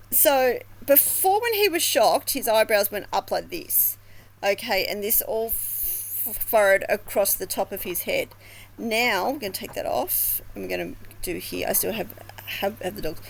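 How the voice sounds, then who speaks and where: A woman's voice: mid-range voice, creaky, low-quality recording. A woman vlogger commenting casually at home, chatty and thinking aloud, swearing now and then. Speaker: vlogger analyzing body language. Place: home with dogs.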